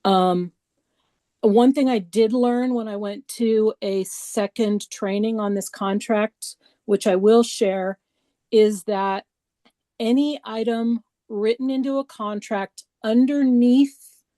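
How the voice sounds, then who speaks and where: A woman's voice: fairly high pitch, steady tone, slow pace, warm tone, dry recording. A woman broker giving a direct, cautionary update at a team meeting over a video call.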